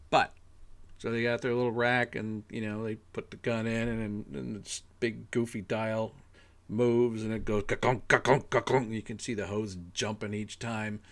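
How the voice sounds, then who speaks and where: Guy ranting to himself, lotta "you know"s, swears a bunch, kinda low voice. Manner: profane, rambling, exasperated, lots of fillers. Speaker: podcast host. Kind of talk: casual ranting monologue.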